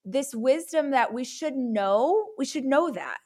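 A woman's voice: high-pitched, expressive, darkish tone. A woman hosting a podcast, enthusiastic and chatty, reading ads and talking with a guest. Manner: enthusiastic, slows and stresses words in ad reads. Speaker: podcast host. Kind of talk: ad read and casual interview chat.

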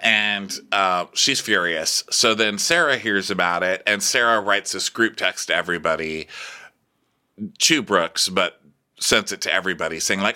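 A man's voice: normal speed, bright, forceful tone, clear, resonant tone. A man co-hosting a podcast, casually recapping a reality show and mockingly acting out the cast. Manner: mocking, acts out cast members in high voices. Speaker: podcast co-host.

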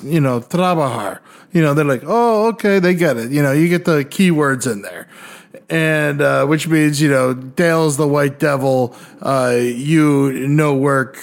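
A young man co-hosting a podcast, telling stories casually in an animated, profane way and acting out other people's voices. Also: a little high, creaky. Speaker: podcast co-host. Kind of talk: casual storytelling.

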